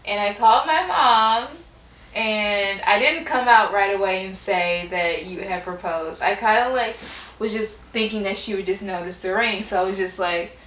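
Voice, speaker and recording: A woman's voice: mid-range voice, moderate pace, fairly bright tone, slight background noise. A woman telling a story in casual chat with her partner, laughing often and talking with lots of fillers. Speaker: vlog co-host. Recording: roomy echo.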